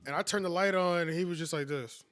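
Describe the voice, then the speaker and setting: Give me a man with a slightly high voice, chatting casually as a podcast co-host. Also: fast. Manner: animated storyteller, acts out scenes with laughs. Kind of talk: casual chat.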